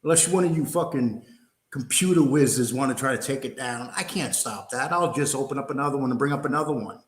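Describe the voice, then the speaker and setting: A man's voice: medium pitch, a little fast. An older man hosting a livestream, ranting angrily in a profane, combative, mocking way. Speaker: host. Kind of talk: angry livestream rant. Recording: roomy echo.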